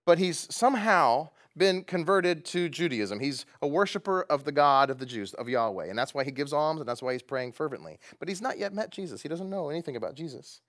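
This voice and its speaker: A man's voice: a little high, very animated, a little fast, hardly any pauses, fairly bright tone. A man leading a prayer and teaching a Bible study to people at tables, in a conversational manner with light humorous asides. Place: room with groups at tables.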